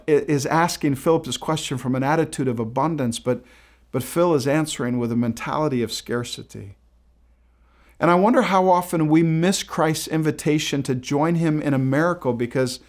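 A man's voice: a little high, a little mellow. A male pastor preaching a sermon, telling stories with frequent repeated words and restarts, acting out quoted dialogue in a shifting voice.

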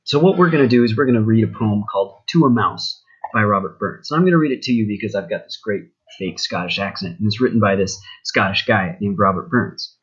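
A young male teacher talks through a recorded lesson in a loose, rambling way, full of fillers and asides. His voice is low and a little husky. The recording sounds dull and lo-fi. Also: a little fast, a bit bright.

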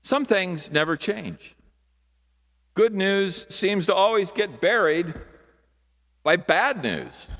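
A man preaching a sermon as pastor, slow and deliberate, with dramatic pauses and hushed asides. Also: sits high, sing-song. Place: large church sanctuary. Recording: long hall reverb.

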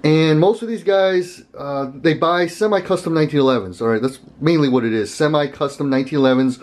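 A man's voice: fairly high pitch, brisk, a little mellow. A man hosting a casual gun vlog, talking to camera in a rambling, conversational way and chuckling often. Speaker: gun channel host.

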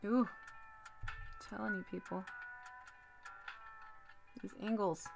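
A woman's voice: medium pitch, fairly even intonation, slow pace, gravelly. A woman with a Southern American accent chatting casually with her live-stream viewers while painting a miniature, giggly and playful. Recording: faint background music.

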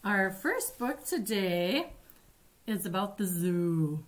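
A woman librarian reading picture books aloud to children at story time, with a gentle, deliberate delivery. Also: medium pitch, big pitch swings.

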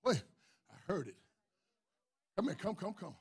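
A man preaching a sermon to a church congregation. He builds into shouted emphasis and calls people up to the front. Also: high voice, sing-song, a little slow, breathy edge. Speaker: pastor.

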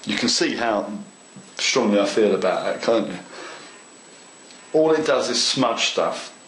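A man's voice: fairly low pitch, lively intonation, measured pace, fairly bright tone, echoey room, rough recording. A man hosting a model railway tutorial, chatting eagerly to the viewer as he works through a hands-on craft demonstration. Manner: chatty and enthusiastic, talks to the viewer.

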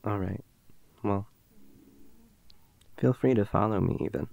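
A young man in a whispered role-play as a goofy, playful boyfriend, drifting between silly chatter and soft tender asides. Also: fairly low pitch, measured pace, creaky, no room sound.

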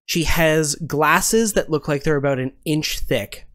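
A man narrating a tabletop game as game master, in slow, descriptive narration. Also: fairly high pitch, a bit bright, no room sound, studio quality.

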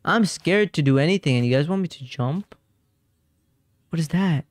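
A young man streams a game and chats casually with his viewers, jumpy and rambling, repeating himself whenever he gets scared. His voice sits on the high side with lively intonation and a moderate pace. The dry close mic has no echo, with faint game music behind him.

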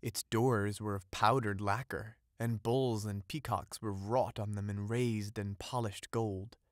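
A man with a low-set voice reads a classic fairy tale aloud as an audiobook. The delivery is steady and ornate, close to the mic, with a dry sound and no echo. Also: a little slow. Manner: steady, ornate storytelling read. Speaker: audiobook narrator. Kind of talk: scripted audiobook narration.

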